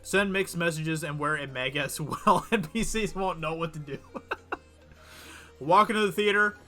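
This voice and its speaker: A man hosts a livestream, chatting casually and giggling as he answers viewers. His voice sits fairly high and bright. Faint music plays in the background. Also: measured pace. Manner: chatty, giggly, reads chat aloud. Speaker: livestream host.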